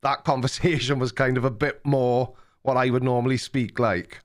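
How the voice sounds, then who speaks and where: A man's voice: medium pitch, fairly even intonation, moderate pace. A Welsh man hosting a live stream, chatting casually with a caller and telling stories with frequent laughs. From Wales. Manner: chatty storyteller, laughs often. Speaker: livestream host.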